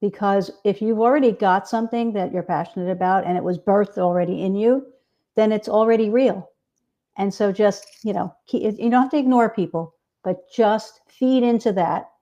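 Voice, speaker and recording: A woman's voice: mid-range voice, moderate pace, warm tone, lo-fi sound. A woman with a New York accent, a guest author in a casual talk interview, speaking earnestly about spirituality. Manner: earnest, spiritual, gushing with praise.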